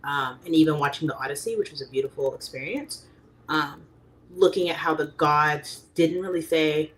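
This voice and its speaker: A woman's voice: low-pitched, normal speed. A young adult woman hosting a livestream, chatting casually and rambling with lots of fillers, reading chat and acting out quoted people.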